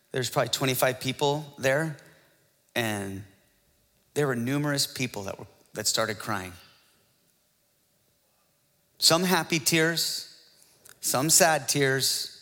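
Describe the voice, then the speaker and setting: Man, pastor, casual joking sermon, a bit higher than average, reverberant room. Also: sharp tone. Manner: joking, conversational preaching with frequent laughs.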